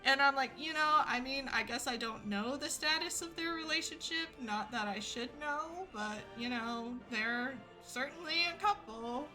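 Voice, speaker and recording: A woman's voice: sits high, moderate pace, hardly any pauses, pushed and bright, soft background music, rough recording. A woman streamer telling a story to her chat in a chatty way, laughing often and using many fillers. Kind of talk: casual storytelling to a live chat. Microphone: desk mic with ring light setup.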